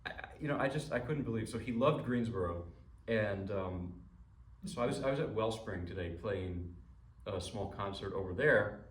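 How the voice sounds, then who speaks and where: A man's voice: on the low side, animated, normal speed, distant mic. Rambling, jokey man in an echoey room. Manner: chatty, rambling, jokey, many restarts. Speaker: pianist introducing a piece. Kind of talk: informal recital talk. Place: recital room. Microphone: distant mic.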